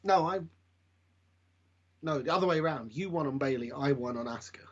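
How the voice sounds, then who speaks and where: A man's voice: a little high, brisk. A man co-hosting a casual podcast chat, making dry, sarcastic asides. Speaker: podcast co-host. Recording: dull lo-fi mic.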